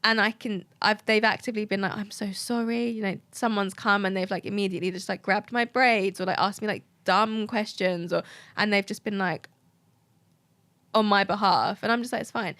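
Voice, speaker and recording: A woman's voice: mid-range voice, steady tone, moderate pace, a bit bright, no echo. A woman, a guest telling personal stories in casual conversation, her talk full of "like" fillers. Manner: chatty, heavy use of "like" fillers. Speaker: guest, agency founder.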